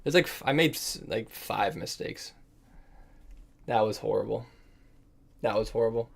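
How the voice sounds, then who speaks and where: A man's voice: fairly low pitch, a little slow, vocal fry. A young man commenting on his own online chess games as he plays, thinking aloud and scolding himself in casual slang. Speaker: chess streamer. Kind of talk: live-streamed gameplay commentary.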